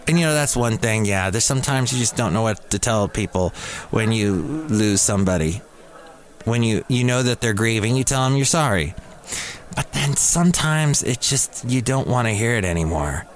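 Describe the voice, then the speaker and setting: A man hosting a casual solo podcast, rambling and exasperated, now and then mimicking other people in a high squeaky voice. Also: expressive, normal speed, slight background noise. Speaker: podcast host. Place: cafe.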